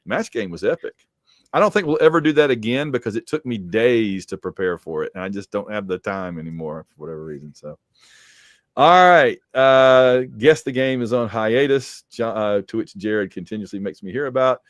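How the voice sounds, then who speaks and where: A man's voice: lowish voice, animated, normal speed, dry recording, clean studio sound. A man co-hosting a casual podcast and reading supporter names, joking and teasing, his voice getting worn. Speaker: podcast co-host.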